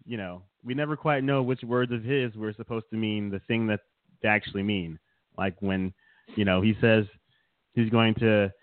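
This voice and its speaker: A man's voice: on the low side, no room sound. A man co-hosting a casual comedic chat show, rambling and teasing his co-host with frequent chuckles. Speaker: podcast co-host. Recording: dry, tinny phone-like sound.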